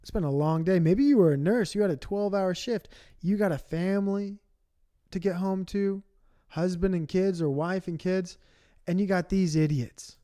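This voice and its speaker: A man's voice: sits high, moderate pace, dark tone. A man streaming, reacting live with coarse, profane, rambling rants. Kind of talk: livestream reaction commentary.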